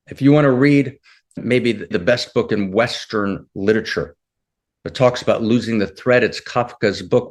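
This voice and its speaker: A man leading a spiritual talk, impassioned and repeating his phrases, often checking in with "right?". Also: fairly low pitch. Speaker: spiritual teacher.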